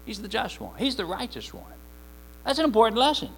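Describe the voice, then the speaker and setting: A man's voice: sits high, huge pitch swings, fairly quick, husky, poor audio. A man preaching a conversational sermon, often restarting and repeating words as he explains scripture.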